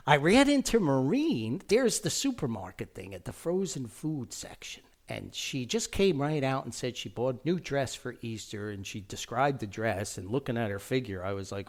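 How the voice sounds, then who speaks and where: New Jersey man, middle-aged, gravelly and lively-pitched, folksy rambling podcast storyteller. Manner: rambling, folksy, animated with lively quoted voices. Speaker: podcast host telling a personal story. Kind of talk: casual spoken storytelling.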